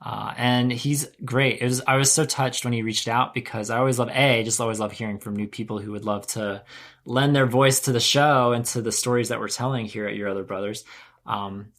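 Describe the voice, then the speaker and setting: Upbeat American podcast host, easygoing and talkative, middle-pitched voice. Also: male voice, steady tone, a little fast. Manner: warm enthusiastic rambling, self-correcting. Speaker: podcast host and co-founder editor. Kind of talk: casual podcast chat.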